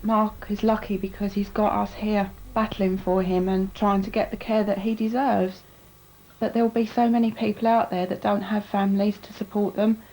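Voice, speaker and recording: A woman speaking earnestly and indignantly about care failings in a documentary interview. Her voice is mellow and fairly level, with little rise and fall. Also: mid-range voice, level tone, moderate pace, a little hiss or hum, poor audio. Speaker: relative campaigning for care.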